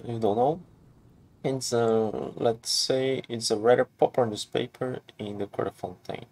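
A man's voice: mid-range voice, steady tone, unhurried, a little mellow. A man reading the lines of an eccentric, theatrical male inventor in a game, speaking grandly and wordily. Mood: grandiloquent. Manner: grandiose, wordy speech. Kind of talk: game dialogue read aloud.

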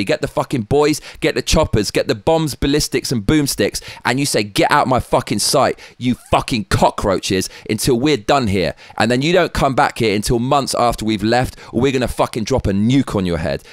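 Angry, profane ranter. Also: male voice, medium pitch, no echo. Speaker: host. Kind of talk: ranting political commentary.

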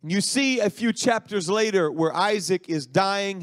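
A man preaching a sermon, retelling a story in an animated, folksy way and acting out the voices. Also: sits high, moderate pace, no echo, studio quality.

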